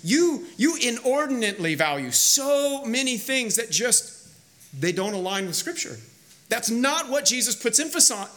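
Male pastor, high lively voice, bright tone; conversational, emphatic sermon delivery with restarts. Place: church sanctuary.

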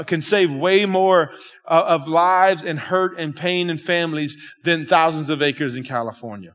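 A man's voice: high-pitched, a bit bright. A man preaching a sermon at a church service, emphatic and calling out to the congregation. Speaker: pastor. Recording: long reverb of a church hall.

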